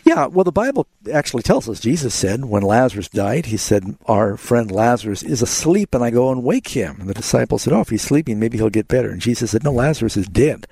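Man, call-in radio host, gravelly, earnest scripture explanations, dry studio. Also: mid-range voice, big pitch swings, a little fast, few pauses, a little mellow, no room sound. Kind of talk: call-in radio Bible answers.

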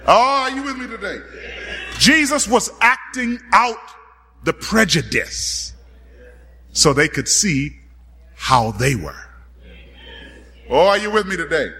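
A man's voice: high-pitched, bright, forceful tone, slightly rough, in a large hall. A man preaching a dramatic sermon, calling out to his congregation and acting out the voices in the story.

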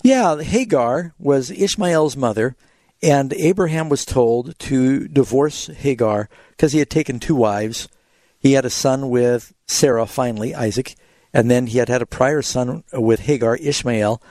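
A man hosting a call-in Bible radio program, explaining scripture in a measured, teacherly way. His voice sits at a middling pitch and is recorded close and dry, with no room sound. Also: a little mellow, no room sound. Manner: explanatory, tells anecdotes, measured. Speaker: radio Bible show host.

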